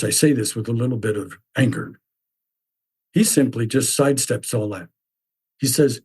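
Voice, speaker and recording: A man's voice: mid-range voice, animated, a little slow, pauses often, darkish tone, husky. A man narrating a reflective podcast essay, breaking in with wry, exasperated asides.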